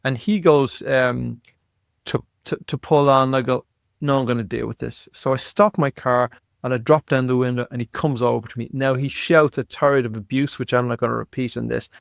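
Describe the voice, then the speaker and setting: A man in his fifties, a podcast guest, telling a story in an animated way and often repeating words as he goes. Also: mid-range voice, moderate pace, vocal fry, dry recording, clean studio sound. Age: 50s. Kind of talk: storytelling in conversation.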